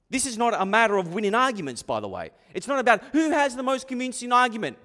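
A man's voice: high-pitched, sing-song, fairly quick. Impassioned preacher man in a reverberant hall. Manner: dramatic preaching, swinging from hushed to shouting. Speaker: pastor. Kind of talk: sermon.

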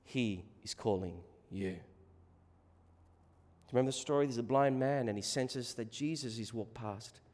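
A man preaching a sermon, swinging from hushed, slow passages to loud, emphatic ones. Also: medium pitch. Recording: long hall reverb.

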